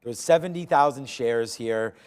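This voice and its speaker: A man with a mid-range voice at normal speed hosts a live day trading show from a studio trading floor. He chats casually about trades, loose and laughing, with plenty of fillers.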